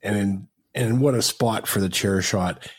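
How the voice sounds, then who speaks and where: A man's voice: lowish voice, a little slow, breathy edge. A man co-hosting a podcast, retelling a match in casual chat and acting out the crowd's reactions. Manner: animated storytelling, acts out crowd reactions. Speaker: podcast co-host.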